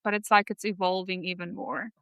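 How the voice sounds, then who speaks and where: A woman's voice: fairly low pitch, fairly even intonation, fairly quick, fairly bright tone, smooth, no room sound. A woman guest telling personal stories on a podcast, heartfelt and earnest. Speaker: podcast guest, sales student. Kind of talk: candid personal storytelling.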